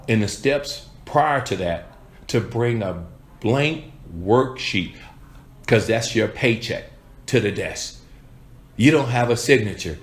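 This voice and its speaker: A man coaching salespeople in an emphatic, repetitive style with punchy catchphrases. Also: medium pitch. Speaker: sales trainer. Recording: echoey room.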